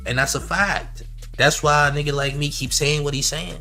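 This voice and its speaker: A man riffs on a livestream, bright-toned and animated. He mocks and reads out chat comments in a loose, casual style. Faint music sits underneath his talk. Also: medium pitch, moderate pace. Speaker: commentary host.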